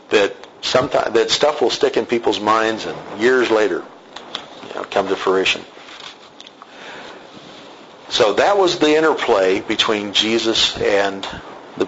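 A man's voice: on the low side, fairly bright tone, slight background noise. Man, Bible teacher, conversational sermon, asides and self-corrections, muffled recording.

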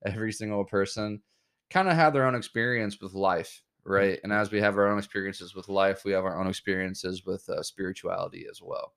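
A young man hosting a casual podcast, laid-back and joking, talking in halting bursts with fillers. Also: low voice, fairly bright tone, smooth. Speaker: podcast host.

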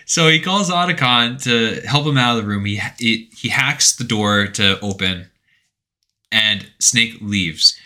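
A man co-hosting a podcast, casually retelling a video game's story and acting out characters' lines in loud put-on voices. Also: fairly low pitch, a little slow. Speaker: podcast co-host.

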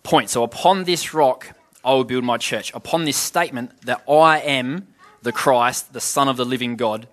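Man giving a relaxed Bible teaching. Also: medium pitch, moderate pace. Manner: reads scripture aloud and explains it conversationally; asks the listeners questions.

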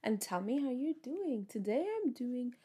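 A woman's voice: a little high, expressive, moderate pace, warm tone, breathy edge. Tired, chatty young woman. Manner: chatty, upbeat, lots of fillers. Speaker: podcast host. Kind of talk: casual solo podcast chat.

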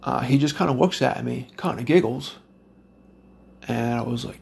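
Heavily gravelly man ranting with nonstop swearing. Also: mid-range voice, moderate pace, long pauses, darkish tone, slight background noise. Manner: rambling, swears constantly, loose and blunt. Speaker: parent telling a story to listeners. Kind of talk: profane storytelling rant.

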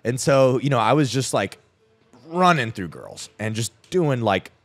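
A man's voice: medium pitch, animated, unhurried, dry recording. A young man in his twenties, a podcast guest, telling a personal story in a loose, rambling way, full of "like" and casual swearing.

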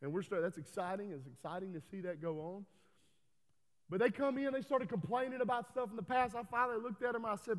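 A man preaching a folksy sermon in a church, building to loud, emphatic calls. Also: sits high, fast talker. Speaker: pastor. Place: church hall. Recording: reverberant church hall.

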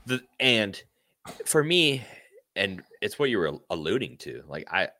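Man, talk co-host, sarcastic, lively intonation, dry close sound. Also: lowish voice, a little slow, no room sound. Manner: animated, sarcastic. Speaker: podcast co-host. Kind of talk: casual political chat.

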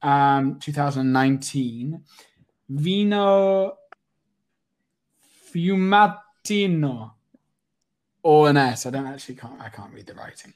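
A man's voice: a little high, animated, takes it slowly, pauses often, a little mellow. Man, podcast co-host, rambling casual chat, amused tone. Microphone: video call.

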